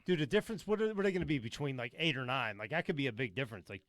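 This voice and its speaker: A man's voice: medium pitch, expressive, fairly bright tone, no room sound. A man with a Pittsburgh accent, joking and swearing in casual podcast banter. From Pittsburgh, USA. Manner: fast, profane, joking. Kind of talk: casual banter among friends.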